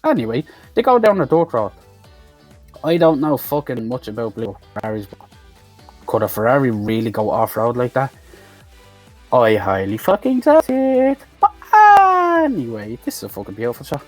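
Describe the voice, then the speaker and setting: A man's voice: mid-range voice, expressive, brisk, darkish tone, faint music behind. Sweary man ranting a movie recap. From Ireland. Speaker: film reviewer. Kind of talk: profane comic movie recap.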